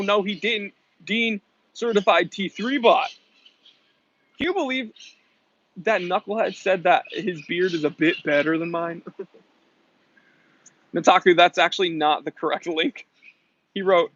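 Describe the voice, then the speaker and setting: A man's voice: high-pitched, steady tone, a little slow, fairly bright tone, no echo. Chatty man hosting a dry, dull live stream. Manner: casual, upbeat, chatty with fillers. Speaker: host. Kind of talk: live stream chat reading comments.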